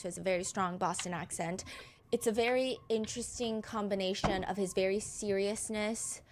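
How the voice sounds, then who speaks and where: A woman's voice: mid-range voice, a little hiss or hum. A woman hosting a reaction video, casually recapping a true-crime case and acting out quoted texts. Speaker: reaction channel host.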